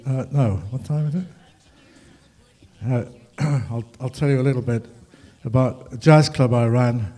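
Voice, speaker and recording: An older ragtime musician addresses a festival audience in a mid-range, dark-toned voice, speaking slowly and pausing often. His anecdotal talk is made up of rambling, humorous stories full of fillers.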